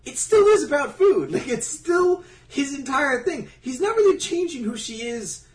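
Jokey podcast co-host, man, high and very lively, sits back off the mic. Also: moderate pace, distant mic. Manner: joking, rambling with many likes. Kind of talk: casual podcast chat.

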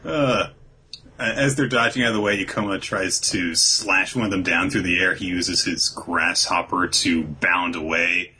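A man's voice: low-pitched, a little slow, slight background noise, poor audio. A man hosting a casual chat, recapping a comic's plot in an easygoing way and acting out characters' lines. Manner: animated, acts out characters' lines with laughs. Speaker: podcast host recapping a manga.

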